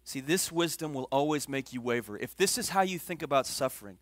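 A man preaching a sermon as pastor, swinging from hushed, low passages to loud, emphatic ones. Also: animated, a little fast, dry recording.

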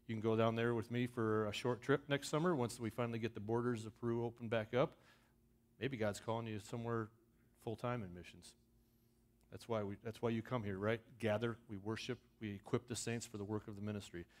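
A man's voice: fairly low pitch, steady tone, fairly quick. A man, a missions pastor, speaking to his church in a sermon, moving from easy asides to fervent, emphatic passages. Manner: earnest, builds to loud emphatic scripture reading; conversational with restarts and asides.

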